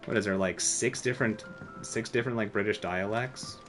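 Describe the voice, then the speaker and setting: Low-voiced man rambling through a game stream. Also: brisk, music in the background. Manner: rambling and self-deprecating, heavy with filler words. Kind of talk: casual gameplay commentary.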